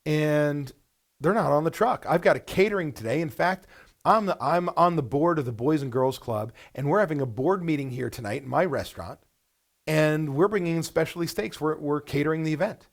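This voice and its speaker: Male webinar presenter: blunt, animated, with a gravelly edge. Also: on the high side, brisk. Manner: blunt and animated, asks rhetorical questions. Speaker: restaurant business coach.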